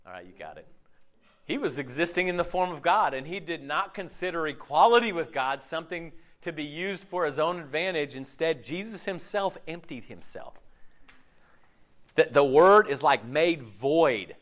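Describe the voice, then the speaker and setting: Animated, high-voiced male pastor preaching. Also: normal speed. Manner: animated, casual and joking, slangy. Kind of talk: sermon.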